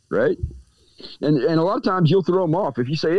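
A man's voice: a little high, quick pace, dry recording. A man talking as a guest in a casual podcast conversation about everyday magic, who smokes a cigar as he talks and acts out the people he quotes. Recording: dull, dry lo-fi audio.

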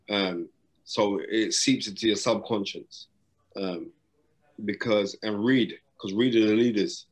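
Emphatic man, preacherly advice. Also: lowish voice. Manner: emphatic, repetitive and preacherly, with street slang. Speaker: boxing broadcaster and guest. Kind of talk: motivational advice in a casual interview. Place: hotel room during lockdown.

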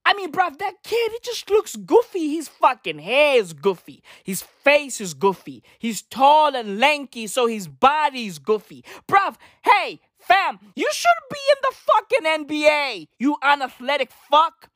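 A woman's voice: high-pitched, very animated, a little slow, few pauses, a bit bright, no room sound, clean studio sound. A woman delivering a comedic sports rant in slangy, profane, repetitive street talk.

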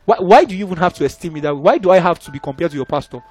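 A young man preaching a sermon in an animated, conversational way, often checking that listeners follow. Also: high voice, very fast, husky.

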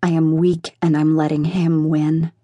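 A woman's voice: low voice, flat delivery, a little slow, warm tone, dry recording. A woman reading a first-person audiobook in an emotional, intense dramatic style. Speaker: audiobook narrator.

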